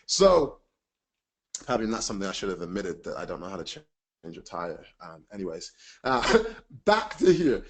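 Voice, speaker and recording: A man's voice: sits low, sing-song, moderate pace, slightly rough. A man presenting a casual teaching webinar, chatty and emphatic, joking about himself.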